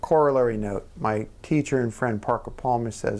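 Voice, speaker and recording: Onstage in a small members' club event room, a middle-aged man appears as a guest and tells personal stories with real earnestness, at times dropping almost to a whisper. He speaks at a moderate pace in a mid-range voice with a darkish tone.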